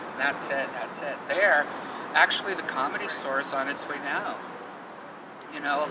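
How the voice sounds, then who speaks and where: A male stand-up comedian telling stories in a candid interview, animated and exasperated as he rants. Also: on the high side. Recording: distant mic, street noise and traffic.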